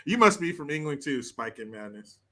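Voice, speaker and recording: A man's voice: a little high, big pitch swings, fairly quick, sharp tone. An American man hosting a casual live stream, reading chat comments, joking and laughing often. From United States. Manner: laughs often, playful, crude banter. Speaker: livestream host.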